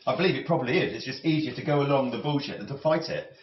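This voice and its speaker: Rambling man musing in a roomy kitchen. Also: mid-range voice. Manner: musing, halting, with frequent restarts. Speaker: cooking vlogger. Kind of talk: rambling talk while cooking. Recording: roomy, slightly dull audio with faint noise.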